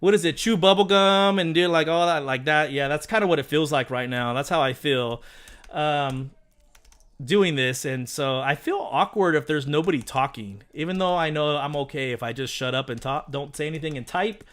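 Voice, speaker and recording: A man, around his thirties, hosting a casual live stream and chatting excitedly with his viewers, rambling with lots of restarts. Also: a little high, normal speed.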